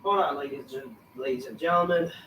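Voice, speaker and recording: A man's voice: fairly high pitch, a little fast, pushed and bright, a little hiss or hum. A man reviewing a wrestling show in a rambling, frustrated rant, swearing often and sighing, unwell and short of breath. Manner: profane, frustrated, rambling with sighs.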